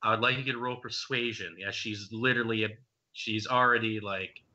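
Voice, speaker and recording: A man's voice: lowish voice, steady tone, fairly quick, sharp tone, lo-fi sound. A man running a tabletop game as game master, narrating with many ums and hesitations.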